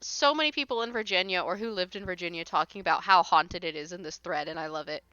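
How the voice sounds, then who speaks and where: Blunt bright-voiced woman streamer. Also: fairly low pitch, fast, clear, resonant tone, no echo, muffled recording. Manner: blunt, exasperated, swears casually. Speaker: streamer reading paranormal posts. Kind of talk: casual live-stream chat.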